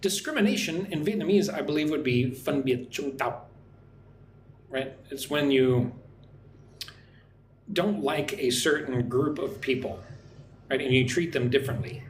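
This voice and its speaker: A man teaching an English lesson on a livestream, chatting with viewers and modelling pronunciation slowly, often asking "right?". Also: medium pitch, a little hiss or hum. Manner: friendly, repeats "right?" often, slow careful modelling of words. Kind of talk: live-streamed English lesson. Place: home in Vietnam. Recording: echoey room with faint ambience.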